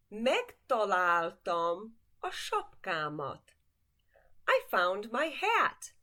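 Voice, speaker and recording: This woman, a language teacher, speaks in a mid-range, fairly bright voice. She works through basic vocabulary word by word at a slow pace, patiently asking the listener to say each one back to her.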